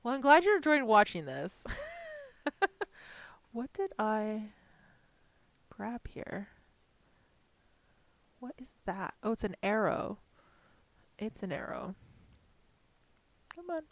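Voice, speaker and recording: A woman chatting casually on a live stream while designing stickers, self-deprecating and talking to her software as she works. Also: medium pitch, sing-song, takes it slowly, long pauses, dry recording.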